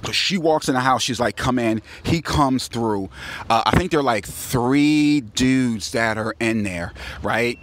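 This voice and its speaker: A man's voice: medium pitch, unhurried, a bit bright, a little hiss or hum. A male author casually retelling his own book's plot, slangy and profane. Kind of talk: casual storytelling about his book.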